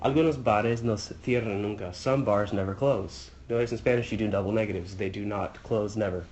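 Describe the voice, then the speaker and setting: A man's voice: lowish voice, fairly quick, a little mellow, lo-fi sound, slight background noise. A man, casually walking through a Spanish vocabulary review, thinking aloud with fillers and translating phrase by phrase. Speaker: Spanish teacher or tutor. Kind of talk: casual exam-review walkthrough.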